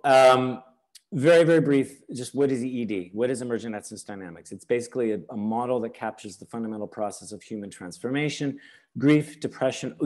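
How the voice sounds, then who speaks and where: Unhurried man presenting a webinar. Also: mid-range voice, darkish tone. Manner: unhurried, checks in with "all right?" and "okay?". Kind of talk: teaching webinar talk.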